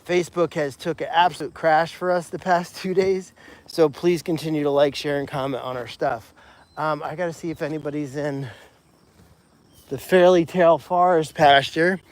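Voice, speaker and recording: Walking outdoors through a pasture, a farm animal sanctuary caretaker talks casually on a live stream filmed with a handheld phone. His voice is on the high side, steady and at normal speed, and he rambles with lots of fillers and restarts.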